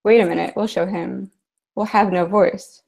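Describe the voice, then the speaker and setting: A woman voicing a hungry, scheming schoolboy during a literary reading, with a gravelly, mellow voice. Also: medium pitch, steady tone, moderate pace.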